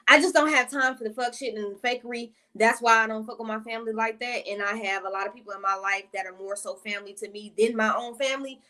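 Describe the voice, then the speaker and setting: Woman vlogger, slightly high voice, rambling and profane storytime delivery full of asides. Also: steady tone, quick pace, hardly any pauses, sharp tone. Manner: profane, rambling, with side tangents to viewers. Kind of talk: casual storytime monologue.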